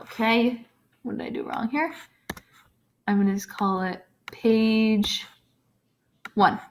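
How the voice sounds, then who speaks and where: A woman's voice: fairly high pitch, slow, slight background noise. A woman teacher explaining a computer task step by step, often checking in with "okay?". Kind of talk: screen-recorded software tutorial.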